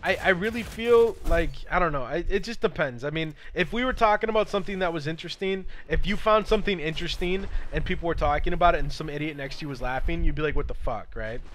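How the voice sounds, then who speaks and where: A man's voice: on the high side, fast, hardly any pauses, a bit bright, a little hiss or hum. A young man streaming, chatting casually in a rambling, profane, opinionated way. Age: young adult. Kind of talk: casual chat.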